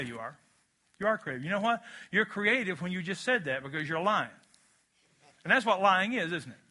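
A man preaching with a high, very bright and ringing voice. He is emphatic and animated, and he acts out little scenes as he goes. The delivery is a full sermon. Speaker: pastor.

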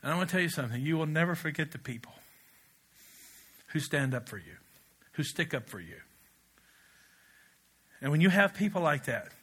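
A middle-aged male pastor from Kentucky, preaching a sermon with animated storytelling. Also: on the high side. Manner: animated storytelling with laughs and shouted quotes.

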